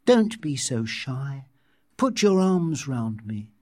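A man voicing a headstrong, impatient young woman in love, with drawn-out, pleading delivery, in a read-aloud story. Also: mid-range voice, big pitch swings, a little mellow, no room sound, clean studio sound, pitched above the performer's own voice.

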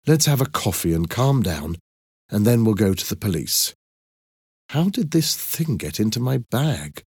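A man reading an audiobook and voicing a frightened but brave young woman tourist in a husky voice. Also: fairly low pitch, sing-song, a little slow, a little mellow, no echo, studio quality, heavily acted. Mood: worried.

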